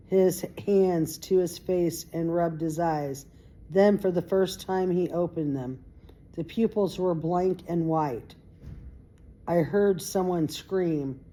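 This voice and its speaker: Amateur read-aloud, woman, low, mellow and very unhurried, trips over words and fixes them. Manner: unpolished read-aloud with stumbles and self-corrections. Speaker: reader. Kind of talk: reading a novel aloud.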